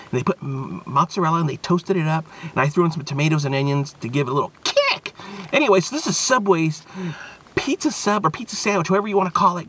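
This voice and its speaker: A man hosting a casual, jokey food review vlog. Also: fairly high pitch. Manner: playful, animated, jokey.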